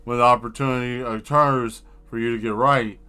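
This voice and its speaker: A man's voice: mid-range voice, steady tone, normal speed, bright, forceful tone, clear, resonant tone. A man chatting casually on a live stream while he draws, rambling and riffing on jokes. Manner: rambling, joking riffs. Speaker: streaming artist.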